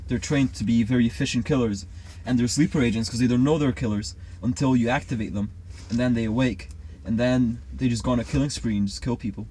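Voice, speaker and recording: A man's voice: mid-range voice, fairly even intonation, fast talker, hardly any pauses, dark tone, slight background noise. A man chatting casually and rambling confidently through a conspiracy theory. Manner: rambling, self-assured. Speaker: co-host.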